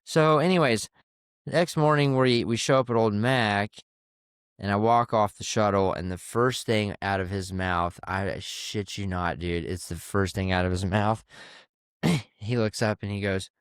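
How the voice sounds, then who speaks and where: A man's voice: on the low side, steady tone, a little slow, clean tone, no echo, studio quality. A man who works as a caddie and hosts a podcast, telling stories from the course in a candid, conversational way and swearing casually. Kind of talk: casual storytelling.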